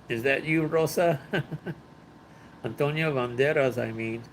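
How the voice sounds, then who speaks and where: A man's voice: medium pitch, slow, slight background noise, low-quality recording. A man, hosting a casual livestream from a hotel room. He chats with viewers, reads their comments aloud, laughs often and mixes in bits of Spanish. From Los Angeles, United States. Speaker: livestream host. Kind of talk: casual live-stream chat reading viewer comments.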